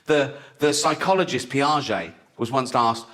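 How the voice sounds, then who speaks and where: A man's voice: high voice, lively intonation, normal speed. An English man in his sixties doing a stand-up set on stage, brash and mocking, often laughing at his own lines. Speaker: stand-up comedian. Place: large theatre with a live audience. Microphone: stage microphone. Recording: live stand-up with loud audience laughter. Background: audience laughter.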